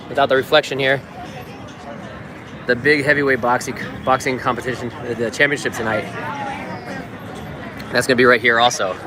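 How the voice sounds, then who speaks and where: A man from the United States giving an easygoing, chatty live-stream walking tour outdoors on a city street, laughing often, filmed on a handheld phone. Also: mid-range voice. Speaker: vlogger and circus performer.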